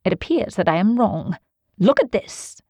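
A cool, aloof Victorian detective voiced by a woman who lectures in an offhand, brusque manner at a middling pitch. The sound is dry and close, with no room around it. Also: sing-song, normal speed, dark tone, dry recording. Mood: cool, lecturing.

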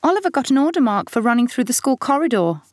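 A woman voices a sullen teenage girl in an audiobook, sulky and quick to tattle. The delivery is close and dry. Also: high-pitched, big pitch swings, no echo, pitched above the performer's own voice.

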